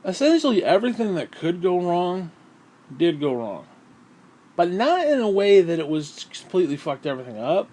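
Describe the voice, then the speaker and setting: A man's voice: sits high, big pitch swings, moderate pace, dark tone. A man talking through a profane, rambling vlog monologue, short of breath and sighing often. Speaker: vlogger.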